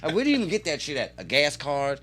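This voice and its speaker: A man telling animated, swear-filled stories as a podcast guest in a radio studio. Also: a little high, fast. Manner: animated storytelling, heavy swearing. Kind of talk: casual chat.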